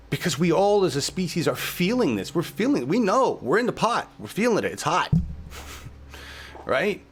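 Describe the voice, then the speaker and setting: A man's voice: fairly high pitch, big pitch swings, fairly quick, breathy edge. A male show host delivering a heated political podcast rant, swearing heavily, fervent and exasperated.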